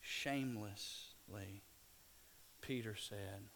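A man from Louisiana, preaching a sermon and swinging between hushed, slow passages and loud, excited bursts. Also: mid-range voice, slight background noise. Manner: dynamic, swings from hushed to shouting. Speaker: pastor.

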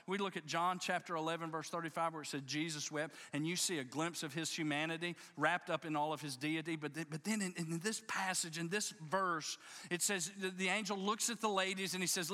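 A man's voice: fairly high pitch, steady tone, a little fast, pushed and bright. A man preaching a sermon to his congregation, telling the story with passion and emphatic restarts. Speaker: pastor. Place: church service before a congregation.

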